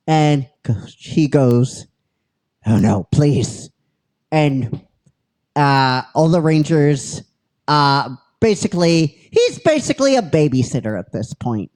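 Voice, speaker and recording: Slow rambly podcast host, lots of ums and restarts, chatty and a bit sweary. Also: medium pitch, darkish tone. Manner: rambling, halting, with many fillers and restarts; chatty and self-deprecating, swears casually. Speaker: podcast host pitching episode ideas. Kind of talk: casual spoken storytelling.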